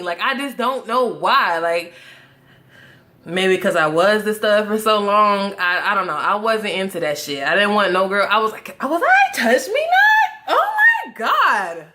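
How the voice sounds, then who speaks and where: A young adult woman vlogger tells her viewers a casual storytime monologue at a moderate pace in a medium-pitched voice. She's animated and profane, breaking into laughing asides.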